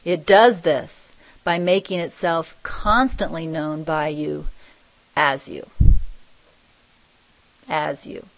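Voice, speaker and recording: Soft-spoken woman reading spiritual messages. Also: low-pitched, fairly even intonation, takes it slowly, vocal fry, long pauses, dry recording, low-quality recording. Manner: soft-spoken, reflective, often laughing. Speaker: spiritual teacher.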